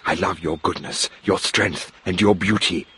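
A man playing an insistent gentleman suitor who pleads slowly and earnestly. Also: sits low, a little hiss or hum. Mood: pleading.

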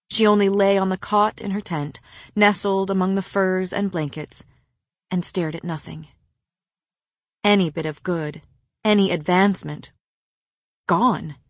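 A woman reading a story aloud in first person, with a soft and even narrating manner. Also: medium pitch, no room sound, clean studio sound. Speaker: audiobook narrator.

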